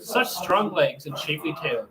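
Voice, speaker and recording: A man's voice: on the high side, lively intonation, normal speed, natural voice. A man voicing a smug, seductive master of the house in a suave, crooning tone, read aloud in an echoey room with a crowd.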